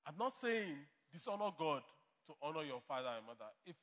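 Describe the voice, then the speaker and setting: A man's voice: on the high side, very animated, brisk, fairly bright tone, big-room sound. A man preaching a sermon as pastor to a church congregation, emphatic and playing out imagined replies. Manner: emphatic preaching, mock dialogue.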